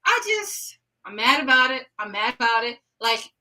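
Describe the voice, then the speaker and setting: A woman hosting a livestream in a loose, casual chat. She rants in an animated, slangy way. Her voice sits high and sounds bright. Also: normal speed, a little hiss or hum, poor audio. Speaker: livestream host.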